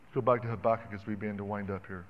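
A man preaching a sermon in an animated, conversational way, calling out to the congregation. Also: fairly low pitch, very fast, a little hiss or hum. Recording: dull sound with long reverb in a hall.

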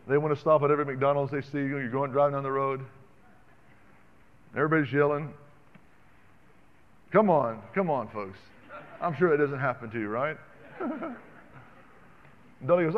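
A man preaching a sermon in an animated, conversational way, calling out to the congregation. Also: mid-range voice, moderate pace, pauses often. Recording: dull sound with long reverb in a hall.

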